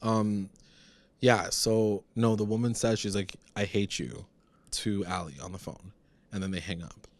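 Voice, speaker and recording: A man's voice: on the low side, fairly even intonation, a little slow, no room sound. A man co-hosting a podcast, recapping a TV episode in casual chat, rambling and full of fillers. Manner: rambling, filler-heavy, retells scenes. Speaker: podcast co-host.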